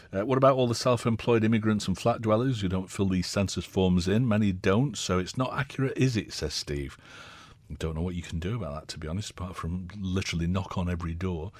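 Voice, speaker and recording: A man's voice: deep voice, no echo. A man hosting a radio phone-in, reading out listener texts and adding wry, dry asides. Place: radio studio.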